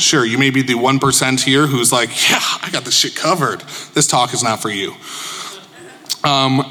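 A man from Chicago, USA gives a casual, joking conference presentation to an audience, keeping it informal and self-deprecating. His mid-range voice is bright and forceful, heard in an echoey conference hall.

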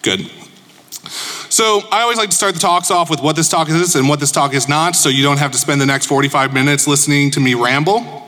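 A man's voice: fairly high pitch, brisk, sharp tone. A man from Chicago giving a casual, joking conference presentation to an audience, informal and self-deprecating. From Chicago, USA. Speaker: conference speaker. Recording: echoey conference hall.

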